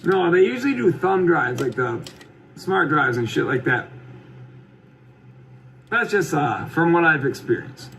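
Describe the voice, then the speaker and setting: A man's voice: fairly high pitch, very animated, a little slow, pauses often, fairly bright tone. A man hosting a stream, giving crude, joking reaction commentary. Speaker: stream host. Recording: distant mic with faint noise.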